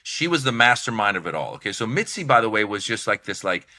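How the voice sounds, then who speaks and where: A middle-aged man from Iran, a comedian telling animated anecdotes in a casual chat and acting out the people in his stories. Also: on the low side, fast talker. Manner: animated, acts out voices in anecdotes. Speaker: comedian guest.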